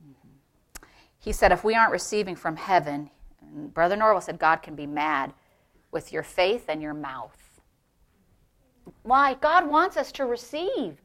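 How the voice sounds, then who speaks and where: A middle-aged woman pastor preaching a sermon, swinging between loud, emphatic exclamations and hushed, near-whispered storytelling. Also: lowish voice, big pitch swings, unhurried, long pauses.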